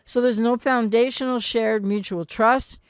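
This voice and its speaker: A woman in her sixties, a therapist, giving earnest, gentle advice straight to her viewers and acting out quoted partners now and then. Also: on the high side, steady tone, a little slow, smooth, no echo, clean studio sound.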